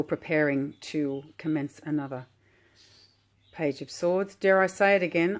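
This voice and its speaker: A woman calmly unboxing a tarot deck while sitting on her floor, gushing and admiring each card at an unhurried pace. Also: sits low. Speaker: tarot vlogger. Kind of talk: relaxed unboxing commentary.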